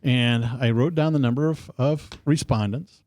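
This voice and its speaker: A man co-hosting a casual political radio chat, telling stories in an animated, lively way. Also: normal speed, dry recording, studio quality. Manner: animated storytelling, lively pitch swings. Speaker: co-host. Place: studio.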